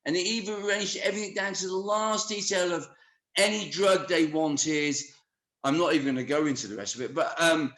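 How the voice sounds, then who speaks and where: A man telling wild anecdotes in a casual conversation, animated and swearing freely. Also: fairly high pitch, brisk, reverberant. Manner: animated storyteller who swears often. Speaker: musician guest.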